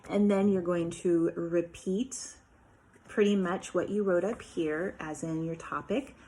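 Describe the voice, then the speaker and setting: A woman teacher, probably in her thirties, giving a remote lesson to young children, patiently and clearly sounding out letter sounds. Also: on the low side, fairly even intonation, a little slow, dark tone. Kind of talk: remote phonics and writing lesson.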